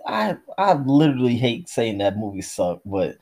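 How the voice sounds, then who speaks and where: A man co-hosting a casual movie review podcast, blunt and slangy, recording at home in the dark during a power cut. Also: mid-range voice, sing-song, moderate pace, creaky. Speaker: podcast co-host.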